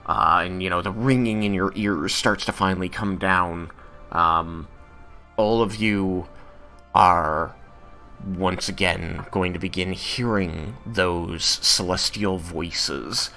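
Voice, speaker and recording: A man's voice: sits low, fairly even intonation, takes it slowly, pushed and bright, soft background music. A man narrating a tabletop game as game master, with many hesitant fillers.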